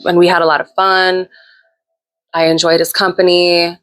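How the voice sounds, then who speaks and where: A woman's voice: on the low side, flat delivery, normal speed, a bit bright. Frank, profane woman telling a story. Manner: candid, profane, chatty. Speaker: host. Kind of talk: casual storytelling.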